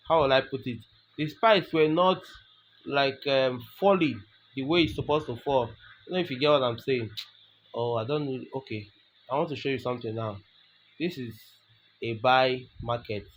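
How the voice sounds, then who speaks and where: A man's voice: medium pitch, normal speed. A man giving a trading lesson over a screen recording. He is emphatic, repeats his points and keeps asking rhetorical questions. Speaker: trading tutor. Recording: dull lo-fi recording with faint noise.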